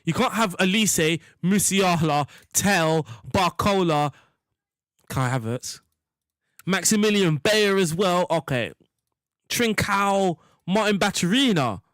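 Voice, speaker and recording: Young man, loose jokey gameplay chatter, raised pitch, dry close mic. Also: expressive, slow pace, pauses often, a bit bright, no echo. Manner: rambling, jokey, talks to chat. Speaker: gaming streamer. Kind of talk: casual gameplay commentary.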